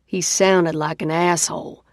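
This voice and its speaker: A woman's voice: lowish voice, flat delivery, unhurried, no room sound, clean studio sound, lightly acted. A woman voicing a teasing, easygoing young man, a best friend. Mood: gentle. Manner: teasing, laid back.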